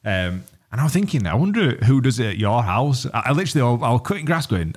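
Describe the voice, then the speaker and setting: A man's voice: mid-range voice, very animated, fast talker, hardly any pauses, breathy edge. A man co-hosting a casual podcast, trading teasing, sweary banter. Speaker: podcast co-host.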